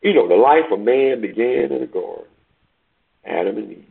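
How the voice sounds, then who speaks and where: A man preaching a sermon, reading scripture aloud and explaining it with emphatic swells and hushed asides. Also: mid-range voice, lively intonation, normal speed, creaky, breathy edge. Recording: tinny phone-like line.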